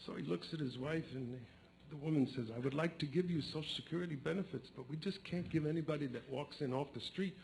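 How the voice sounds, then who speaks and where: Gravelly man telling jokes. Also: a little high, fast talker, darkish tone, poor audio. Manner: storytelling, switching into character voices for punchlines. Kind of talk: joke telling. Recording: faint background noise.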